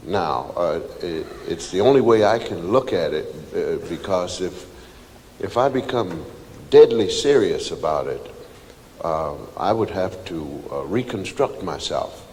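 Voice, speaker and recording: 40s guy, low voice, talks real slow, long echo and faint crowd behind. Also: lively intonation, a little mellow. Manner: slow and halting, with many fillers. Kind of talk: reflective talk. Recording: echoey hall, faint crowd noise.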